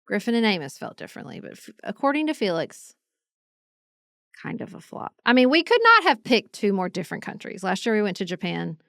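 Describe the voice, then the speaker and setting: A woman's voice: medium pitch, sing-song, fast talker, creaky, few pauses, fairly bright tone, no echo, clean studio sound. A woman, co-hosting a podcast and chatting in a casual way, telling travel stories and acting out the people she met. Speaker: podcast co-host. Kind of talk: casual chat.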